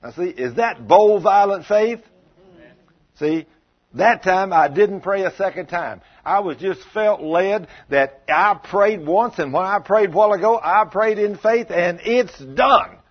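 A man's voice: high voice, animated, measured pace, breathy edge. A man preaching a sermon, telling stories emphatically in a folksy way. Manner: emphatic storytelling, folksy speech. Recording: dull lo-fi sound.

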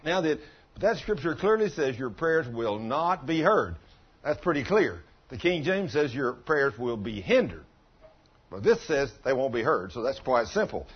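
A man's voice: medium pitch, big pitch swings, a little slow, husky, dull audio. A man preaching a sermon as pastor, telling folksy stories and putting questions to the congregation.

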